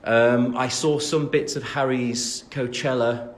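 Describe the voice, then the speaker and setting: A man's voice: medium pitch, fairly even intonation, slow. A man in his twenties from England, chatting casually on a phone livestream while answering fan comments, rambling with lots of fillers and joking at his own expense. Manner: jokey, laughing at himself.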